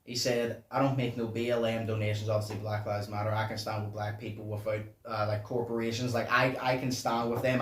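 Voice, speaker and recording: A man hosting a reaction channel, chatting casually and profanely in a low voice while he explains song lyrics. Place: home room at night. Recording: echoey room, distant mic, faint noise.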